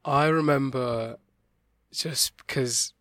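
A young man, talking as an interview guest about stage work, rambling with many restarts and quick laughs. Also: mid-range voice, fairly bright tone, dry recording, studio quality. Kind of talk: casual conversational interview.

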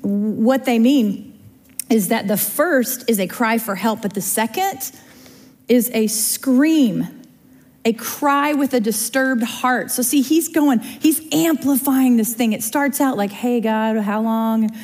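A woman's voice: on the high side, takes it slowly, darkish tone. A woman teaching a Bible study in a chatty, conversational way, often checking in with her listeners. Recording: long reverb of a large room.

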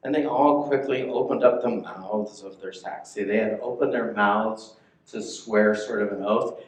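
A man's voice: lowish voice, unhurried. Man preaching in an echoey room. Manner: conversational teaching, checks in with listeners. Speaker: pastor. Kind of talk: sermon with scripture reading.

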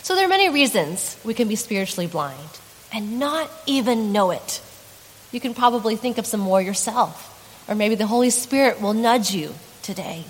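A woman's voice: medium pitch, expressive, normal speed, breathy edge, long reverb tail, poor audio. A woman pastor delivering a sermon in an earnest, conversational way, adding dramatic emphasis.

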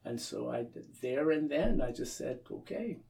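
A man's voice: mid-range voice, unhurried, creaky, mellow, recorded from a distance. A Canadian man, an Anglican priest, telling his story as an interview guest, often repeating and restarting his words.

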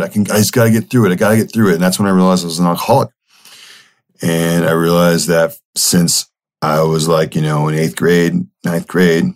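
A young man with a low, deep voice tells a personal story on his podcast. He speaks casually and candidly, swearing freely and circling back to restart his sentences. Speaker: podcast host.

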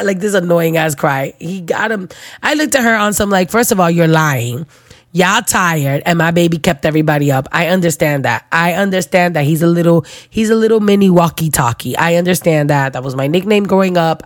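Young woman, low-pitched, dry close sound, animated storyteller who voices everyone in the tale. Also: normal speed, no echo. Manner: animated, acts out other people's voices, slangy. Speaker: new mother. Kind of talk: casual storytelling.

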